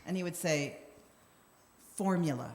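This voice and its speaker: A woman's voice: on the low side, unhurried, darkish tone. Wry woman minister in a reverberant hall. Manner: wry, self-deprecating, acts out quotes. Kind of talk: conversational sermon storytelling. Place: church sanctuary. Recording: long church hall reverb.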